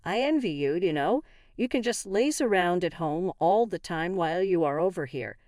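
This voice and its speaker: Give me a cold, dismissive husband, read by a woman with a lowish voice. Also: animated, normal speed, darkish tone, no echo, clean studio sound, close to an everyday voice. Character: curt sarcastic husband, grown man.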